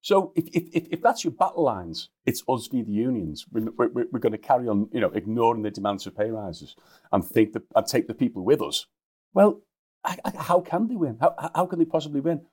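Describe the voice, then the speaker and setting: A man's voice: mid-range voice, expressive, fairly quick, darkish tone, breathy edge. A man, a guest journalist in a casual chat, chuckling and often restarting his sentences.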